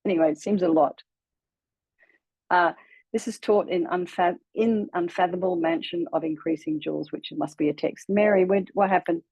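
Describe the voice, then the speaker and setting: A woman from Australia with an Australian accent, a Buddhist nun teaching a class in a relaxed, chatty way, laughing easily and sounding out mantras slowly. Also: fairly low pitch, slightly rough, no room sound, low-quality recording.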